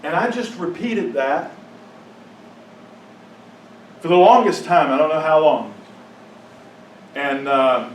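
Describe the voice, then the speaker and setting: A man giving a personal testimony to a congregation, telling his story with emotion, sometimes dropping to a hushed, halting voice and sometimes rising to impassioned outbursts. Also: on the high side, slight background noise. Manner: drops to a hushed, halting voice at painful moments. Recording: echoey room, mic at a distance.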